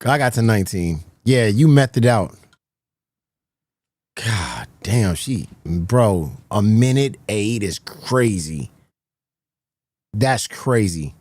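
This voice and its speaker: A male streamer with a lowish voice that swings widely in pitch, talking at an unhurried pace. He gets excitable, swears freely and repeats himself. The sound is close and dry. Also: no echo. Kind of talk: casual live stream reaction.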